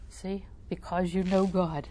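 A woman's voice: lowish voice, level tone, a little slow, warm tone, slight background noise. A woman preaching a sermon, telling a story and quoting scripture, asking the listeners questions as she goes.

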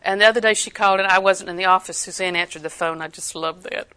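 An older woman preaching a sermon, emphatic and animated, acting out the people she quotes. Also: medium pitch, fast talker, clean tone.

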